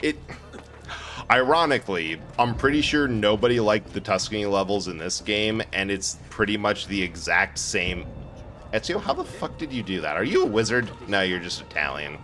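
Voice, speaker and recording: With a lowish, sing-song voice at normal speed and a sharp tone, this streamer jokes around with his audience during live gameplay, laughing frequently. There's slight background noise.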